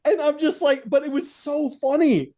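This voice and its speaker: A man co-hosting a podcast, telling a story in casual chat, excitable and swearing, sometimes mocking others in silly voices. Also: very high voice, normal speed. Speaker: podcast co-host.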